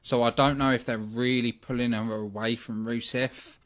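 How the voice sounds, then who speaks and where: A British man hosting a wrestling review at a mid-range pitch, talking in a loose, opinionated way. He breaks up his points with plenty of ums and asides, like someone chatting off the cuff. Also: fairly even intonation, moderate pace, a bit bright. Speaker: wrestling review podcast host. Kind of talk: casual solo review.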